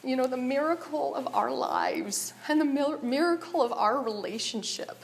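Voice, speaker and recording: A woman's voice: high voice, moderate pace, creaky. A woman giving a personal share at a recovery meeting, nervous and emotional, often breaking into laughter as she speaks candidly.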